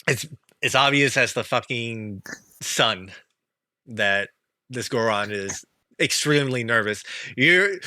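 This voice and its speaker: A man's voice: mid-range voice, pushed and bright, no room sound, studio quality. A man narrating as the game master of a tabletop game, talking loosely with fillers and frequent laughs. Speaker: dungeon master.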